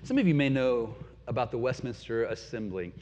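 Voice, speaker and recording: Earnest preacher in an echoing hall. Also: male voice, mid-range voice, animated, a little hiss or hum. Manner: earnest, reflective, rhetorical questions, drops to quiet pauses. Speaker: pastor. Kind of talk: sermon. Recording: dull lo-fi sound with long hall reverb.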